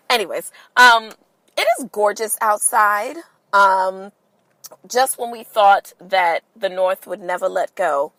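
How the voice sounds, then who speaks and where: In a rough, echo-free recording, a woman hosts her solo podcast at a slow pace, her mid-range voice pushed and bright. She speaks directly to listeners, playful, sassy, candid, and profane.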